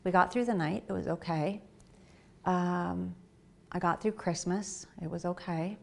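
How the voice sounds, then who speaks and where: A woman in her forties giving a personal story talk, animated, acting out her own quoted reactions. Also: fairly low pitch, measured pace, gravelly. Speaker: speaker. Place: stage talk.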